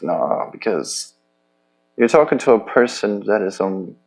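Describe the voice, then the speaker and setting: A man talking in a loose, rambling personal monologue, profane and halting, with many restarts. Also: medium pitch, animated, darkish tone. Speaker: vlogger.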